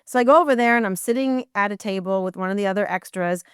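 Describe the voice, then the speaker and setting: A woman guest telling a story in a podcast interview, animated and acting out dialogue with incredulous asides. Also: mid-range voice, quick pace, smooth, no room sound, clean studio sound. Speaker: guest, burlesque performer.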